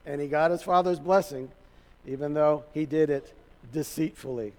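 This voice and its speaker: A man's voice: on the high side, moderate pace, a little mellow. A male pastor preaching a sermon, retelling a story in a conversational way with touches of humor. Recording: reverberant hall.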